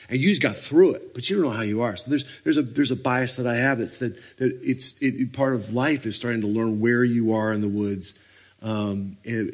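A man preaching a sermon, telling stories with lively energy and acting out scenes. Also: lowish voice. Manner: animated storytelling, acting out scenes.

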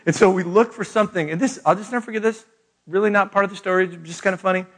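A man's voice: high-pitched, rapid-fire, a bit bright. Man telling a self-mocking family story. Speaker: speaker. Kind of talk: humorous retreat talk.

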